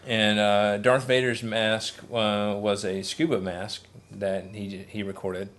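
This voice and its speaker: A man's voice: fairly low pitch, little pitch movement, slow pace, fairly bright tone, slight background noise. A man hosting a podcast in casual, rambling, jokey chat about films, breaking into silly voices now and then. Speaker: podcast host.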